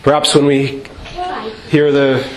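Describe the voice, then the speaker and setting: A man's voice: mid-range voice, monotone, crowd noise. Man preaching a sermon in an echoey church. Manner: measured, rhetorical questions, chants quoted refrains. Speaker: Orthodox priest. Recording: echoey church with faint ambience.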